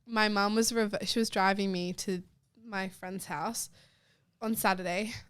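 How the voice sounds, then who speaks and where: A young woman, co-hosting a podcast and telling stories in a lively way, acting out what others said. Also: mid-range voice, a little slow, clear, resonant tone. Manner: animated storyteller, acts out quotes. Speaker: podcast co-host. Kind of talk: casual storytelling chat. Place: podcast studio.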